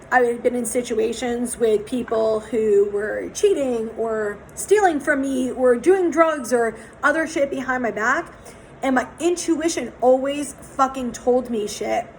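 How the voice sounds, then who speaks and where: A young adult woman gives a casual oracle card reading outdoors, her voice set slightly high. She talks frankly and curses often, slipping into lively stories from her own life. A faint wash of outdoor ambience runs under her words. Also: slight background noise, poor audio. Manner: frank, swears often, animated storytelling. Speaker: psychic tarot reader.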